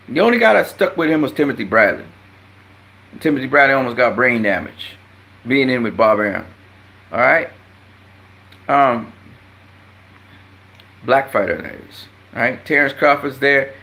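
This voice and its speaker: Brief: male commentator, casual profane rant, blunt and heated, mid-pitched with sudden loud spikes. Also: animated, normal speed, gravelly. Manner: rising to loud high outbursts. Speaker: boxing commentator.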